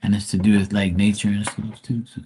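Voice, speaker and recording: A man with a lowish voice hosts a live tarot stream. He reads the card text out slowly, then rambles about it in a loose, offhand way full of "you know" and "like.". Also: level tone, mellow, breathy edge. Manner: casual, rambling with many fillers. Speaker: tarot reader.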